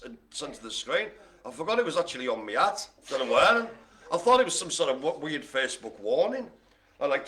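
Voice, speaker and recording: Lively, bright-voiced man hosting bingo. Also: a little high, a little hiss or hum. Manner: jokey, punning, chatty. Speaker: bingo host. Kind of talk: live streamed game hosting.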